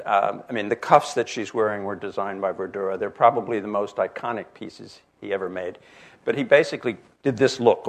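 A man in his sixties from New Jersey, giving a rambling, anecdote-filled slide lecture with many fillers and restarts. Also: lowish voice. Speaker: jewelry expert giving a lecture.

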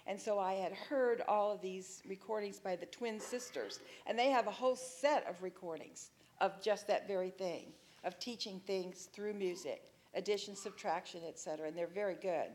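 A woman's voice: mid-range voice, moderate pace, few pauses, a little mellow, slight background noise. A middle-aged woman, a children's songwriter, talking chattily to an audience and breaking into song. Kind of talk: talk with sung demonstrations and guitar. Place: room with a live audience. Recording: guitar music under the voice. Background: strummed guitar.

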